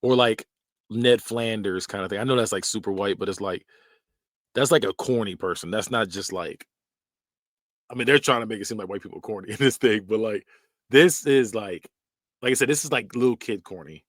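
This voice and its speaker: A man's voice: lowish voice, brisk, dry recording, clean studio sound. A man hosting a podcast, giving casual, joking reaction commentary and laughing often. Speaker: podcast host.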